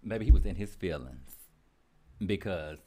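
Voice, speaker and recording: A man's voice: low-pitched, normal speed. A man on a radio show telling a gossip story, laughing often and acting out what people said. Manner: expressive, laughs often, acts out dialogue.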